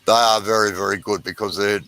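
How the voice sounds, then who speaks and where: A man's voice: fairly low pitch, flat delivery, a little fast, rough recording. Older Australian man, seventies, teasing and chatty, on a group video call. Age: 70s. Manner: joking, chatty, gently teasing. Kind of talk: casual chat.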